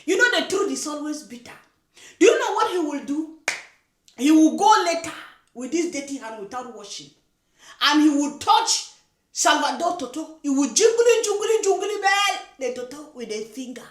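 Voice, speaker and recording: A woman's voice: high voice, animated, normal speed. A woman giving indignant, scolding commentary on a video as a YouTuber. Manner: scolding, indignant, emphatic repetition. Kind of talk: casual reaction commentary. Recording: echoey room.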